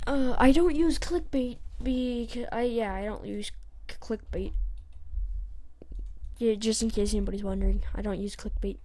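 A woman's voice: a little high, fairly even intonation, normal speed, darkish tone. A woman hosting a let's-play, chatting casually and rambling while correcting herself. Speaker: gaming channel host.

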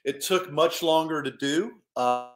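A man's voice: a little high, a little slow, echoey room. A man, a children's author and illustrator, talking casually and self-deprecatingly at a storytime. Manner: chatty, self-deprecating, rambling.

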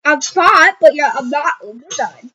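A woman voicing a soft-spoken chubby bunny animatronic in a game role-play, talking slowly and goofily. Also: high-pitched, expressive, heavily acted. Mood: goofy. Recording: slightly dull lo-fi audio.

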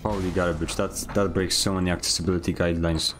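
Low-voiced man, mock-dramatic gaming rant. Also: little pitch movement, fast talker, soft background music. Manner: mock-dramatic complaining, playful outbursts. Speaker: game streamer. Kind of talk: casual gaming commentary.

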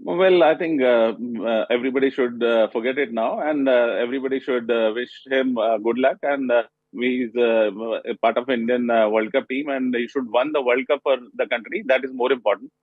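Halting man on a tinny phone line. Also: medium pitch, no room sound. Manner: halting, pausing often with fillers. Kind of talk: live TV interview.

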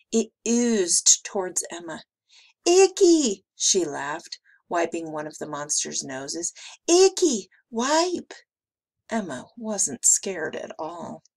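A woman teacher reading a picture book aloud with slow, expressive delivery. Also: lowish voice.

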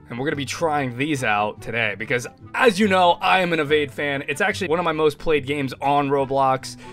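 A young man giving loud, excitable gameplay commentary with frequent yelling and swearing. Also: mid-range voice. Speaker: gaming YouTuber.

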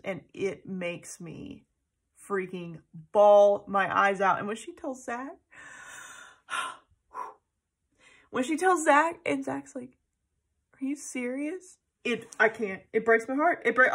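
A woman vlogger in loose, casual chat, with a bright, forward tone. She gushes and rambles, filling pauses with ums and wandering off on tangents. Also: a little high. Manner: gushing, rambling, with many fillers and tangents. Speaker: planner vlogger.

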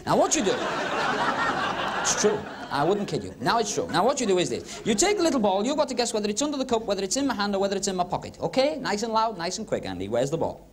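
A man doing comic magic patter on a club stage, teasing audience volunteers with quick cheeky asides. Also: high voice, big pitch swings. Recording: 1970s TV broadcast with crowd laughter and hiss. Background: audience laughing and murmuring.

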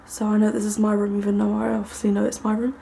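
A young woman giving a casual, rambling tour of her small bedroom, full of ums and likes, sometimes hushed. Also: medium pitch, completely flat delivery, fast, creaky, slight background noise. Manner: hushed at times so as not to wake her brother. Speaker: vlogger. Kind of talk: casual room tour vlog.

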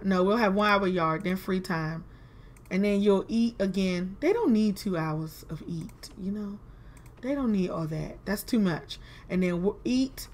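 A woman giving casual let's-play commentary, chatty and talking to herself, with frustrated exclamations. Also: medium pitch. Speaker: gaming video creator.

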